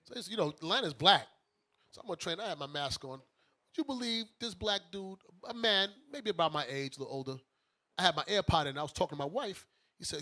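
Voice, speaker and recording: Lively fast-talking middle-aged host. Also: male voice, high-pitched. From Brooklyn. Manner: animated, joking storyteller who laughs through his punchlines. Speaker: bishop and radio host. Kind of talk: casual comic storytelling on a talk radio show.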